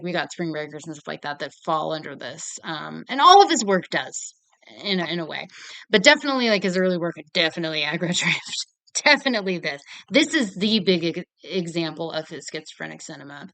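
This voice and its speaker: A young woman chats about her favorite films, gushing and cursing freely with frequent laughs. Her voice is bright and forceful. The sound is dry and close, with no room around it. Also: fairly low pitch, dry recording. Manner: gushing, swearing, laughing often. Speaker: film reviewer. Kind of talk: casual movie talk to camera.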